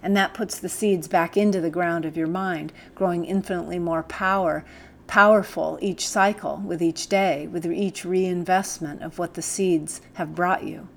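A woman narrating an audiobook in a calm, measured, gently instructive way. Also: fairly low pitch, vocal fry.

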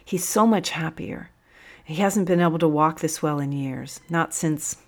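A woman reading an audiobook, voicing a kindly, earnest male police sergeant who talks briskly and tenderly. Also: low-pitched. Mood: tearful. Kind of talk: audiobook character voice.

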